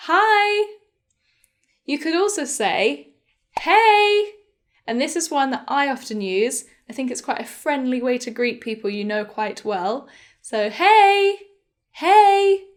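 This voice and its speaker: A young woman teaching a beginner English lesson, speaking slowly and clearly and modelling example phrases. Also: a little high. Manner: slow, clear, demonstrative pronunciation of example phrases.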